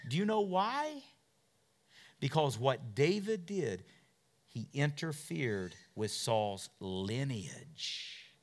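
A man preaching a sermon and retelling scripture stories, swinging from loud, urgent passages to hushed asides and asking his listeners question after question. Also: on the high side. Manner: asks the listeners many questions.

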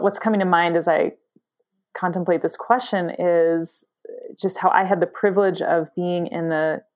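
A woman psychotherapist, a podcast guest, thoughtfully answering an interview question and searching for her words. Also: low-pitched.

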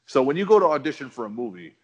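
A middle-aged man telling a long story in a relaxed, rambling, slangy way as a guest on a chat show. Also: medium pitch, racing, highs cut off. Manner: rambling, laid-back, slangy. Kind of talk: casual storytelling.

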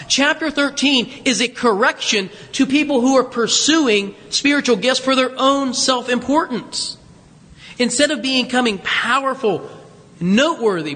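A man's voice: very high-pitched, a bit bright, in a large hall. A man preaching a conversational sermon, teaching from scripture with joking asides to his congregation. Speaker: pastor.

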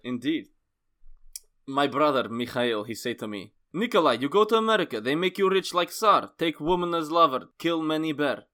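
A man's voice: fairly high pitch, expressive, normal speed, sharp tone, pitched above the performer's own voice. A man voicing a boastful Russian male immigrant in broken English, with a put-on Russian accent and rolled R's. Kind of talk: comic reading of a review.

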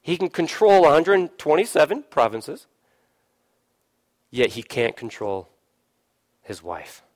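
A man preaching a sermon, putting questions to his listeners and briefly acting out voices from the story. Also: a little slow. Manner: lively preaching, asks the listeners questions, acts out voices, drops low for emphasis. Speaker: pastor.

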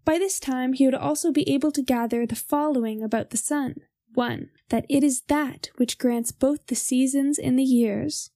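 A young woman reading a philosophy text aloud in a measured, formal way. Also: high-pitched, dark tone, no echo, studio quality.

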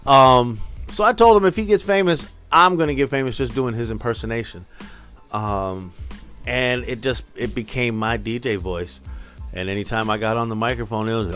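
A man's voice: medium pitch, moderate pace, fairly bright tone, soft background music. Profane, rambling man hosting a podcast. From Minnesota, US Midwest. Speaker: podcast host. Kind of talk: casual solo podcast talk.

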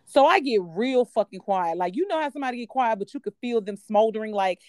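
A woman co-hosting a podcast, telling a personal story in a candid, profane and animated way. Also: a little high, brisk, dry recording, studio quality. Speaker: podcast co-host. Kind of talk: casual storytelling chat.

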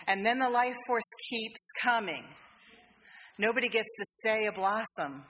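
A woman's voice: on the high side, moderate pace, fairly bright tone, long reverb tail, slight background noise. A woman pastor, preaching a sermon in a conversational, storytelling way with playful asides. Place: church sanctuary.

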